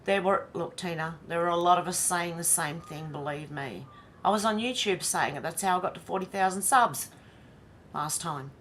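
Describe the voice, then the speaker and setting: An Australian woman hosting a casual livestream, chatting and reacting out loud. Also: lowish voice, normal speed, slight background noise. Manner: chatty, reads comments aloud and reacts with laughs. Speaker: livestream host.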